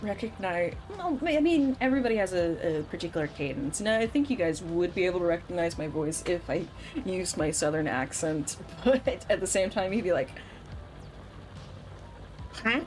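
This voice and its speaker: A woman's voice: fairly low pitch, lively intonation, fairly quick, a little mellow, soft background music. A young woman streaming a game, chatting casually and playfully with frequent laughs. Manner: playful, laughs often, scolds in mock threats. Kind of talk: casual gameplay chat.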